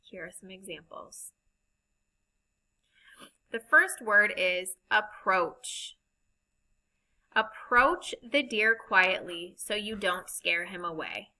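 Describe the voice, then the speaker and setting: A woman teaching a recorded reading lesson, speaking slowly and deliberately as she spells out vowel sounds. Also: mid-range voice, expressive, sharp tone, rough recording.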